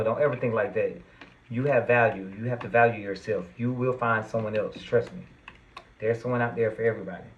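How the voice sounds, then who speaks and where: A man's voice: medium pitch, lo-fi sound, a little hiss or hum. A man giving a tarot reading to his viewers, earnest and reassuring, at times getting worked up and emphatic. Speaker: tarot reader.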